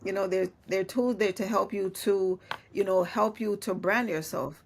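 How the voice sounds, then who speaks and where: Creaky and slightly rough, this podcast host's medium-pitched voice moves at a moderate pace. She keeps the conversation casual, laughing often and saying "you know" again and again.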